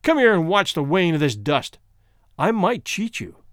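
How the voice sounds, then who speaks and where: A man's voice: high-pitched, very animated, normal speed, dry recording, studio quality. A man voicing a furious jealous miner. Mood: contemptuous. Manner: forceful, demanding. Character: angry jealous male miner, gruff. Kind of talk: audiobook reading.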